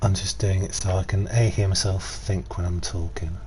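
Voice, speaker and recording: A man's voice: low voice, little pitch movement, normal speed, noisy background. A middle-aged man streaming casually, chatty and rambling, who swears freely and laughs often. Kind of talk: casual livestream commentary.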